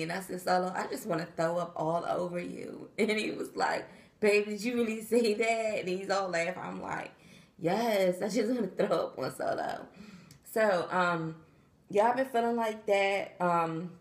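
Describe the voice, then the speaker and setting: A worn-out woman vlogs about her pregnancy, talking directly to viewers in a chatty way and imitating what people told her. Her voice is fairly low and a bit bright, in an echoey room.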